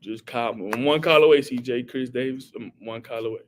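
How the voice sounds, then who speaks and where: A man hosting a casual live stream, reading viewer comments aloud and giving shout-outs in an animated way. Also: medium pitch, fairly quick, slight background noise.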